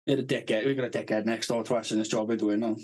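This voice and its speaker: A man's voice: fairly low pitch, little pitch movement, rapid-fire, darkish tone, poor audio. A man co-hosting a podcast, telling rambling work stories in casual chat and swearing constantly with a blunt, brash manner. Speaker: podcast co-host.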